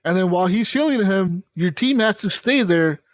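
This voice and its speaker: A man's voice: sits high, animated, normal speed, dry recording. A man hosting a podcast, describing a video game in a rambling, profane casual chat. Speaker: podcast host.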